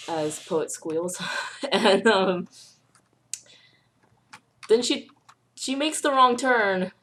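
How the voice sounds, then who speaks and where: A woman's voice: mid-range voice, expressive, extremely slow, fairly bright tone, slight background noise. Giggly young woman hosting a casual chat. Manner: giggly, laughs often between storytelling. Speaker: channel host. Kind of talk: casual chat while playing a game.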